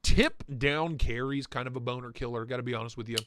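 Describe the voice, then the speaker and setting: A man's voice: medium pitch, quick pace, noisy background. A man hosting a casual live stream, riffing and joking with mock indignation, with a stuffy, blocked nose. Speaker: livestream host reviewing knife listings.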